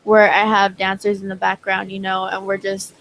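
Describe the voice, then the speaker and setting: A young woman singer talks through her plans in an interview, pausing often with ums and likes. Her voice is mid-pitched, and a faint hiss sits under the recording. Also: completely flat delivery, gravelly, a bit bright, low-quality recording. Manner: hesitant, many fillers. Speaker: singer guest.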